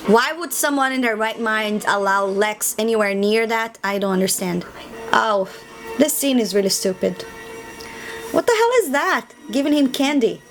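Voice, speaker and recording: A woman's voice: mid-range voice, normal speed, faint music behind. A woman chatting casually to herself while reacting to a film at home, muttering asides as she watches. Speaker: movie reaction host. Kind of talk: casual movie reaction commentary. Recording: noisy home recording with background hiss.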